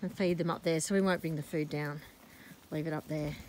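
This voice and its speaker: A woman's voice: low voice, steady tone, brisk, a little mellow, a little hiss or hum. A woman filming on her phone outdoors in a muddy paddock, gushing and laughing in disbelief as she talks. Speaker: horse owner. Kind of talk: excited casual vlog. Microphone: handheld phone camera.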